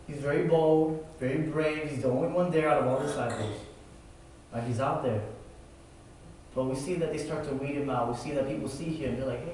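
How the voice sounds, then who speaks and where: A man's voice: a little high, brisk, darkish tone. A young man preaching a casual sermon, talking loosely and conversationally with lots of "like" and "man". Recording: echoey hall from far off, faint noise.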